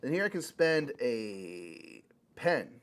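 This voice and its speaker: A man's voice: medium pitch, big pitch swings, slow pace. A man hosting a board game session, chatting casually and teasing his fellow player as he takes his turns. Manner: joking, teasing, laughs often. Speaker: board game show host. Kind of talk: casual chat while playing a board game.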